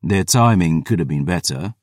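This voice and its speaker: A man voicing a weary, battle-hardened male vampire hunter who speaks low, hushed and clipped. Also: expressive, normal speed, dry recording, clean studio sound.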